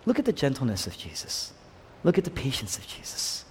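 A man's voice: on the high side, sing-song, fast talker, darkish tone, long reverb tail, a little hiss or hum. A man preaching a sermon in an earnest, emphatic way, often repeating his phrases.

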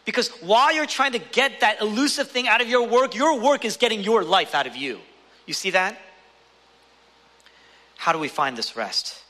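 A man with a high, bright voice preaches a sermon, pressing his points with rhetorical questions. He swings between raised, urgent stretches and hushed, quiet ones. His voice rings out with the long reverb of a big hall. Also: lively intonation, normal speed.

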